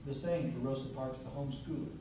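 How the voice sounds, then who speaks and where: A former sheriff giving an impassioned rally speech. He talks like a preacher, telling a story in a low voice and then rising to loud, rousing declarations. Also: steady tone, fast. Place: outdoor rally through a PA. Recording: echoey PA sound from far off with background noise.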